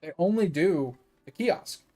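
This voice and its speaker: A man's voice: on the high side, animated, measured pace, dark tone. A man streaming games while telling a story, chatty and full of swearing as he rants. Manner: profane, fired-up storytelling; chatty, with many fillers. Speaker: gaming streamer. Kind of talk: casual livestream rant.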